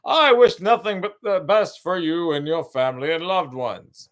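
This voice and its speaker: A man putting on the voice of an overly polite, genteel and cheery gentleman, syrupy in his courtesy. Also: fairly high pitch, moderate pace, voice pushed up, close to an everyday voice. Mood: mock-polite. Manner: exaggerated sugary courtesy.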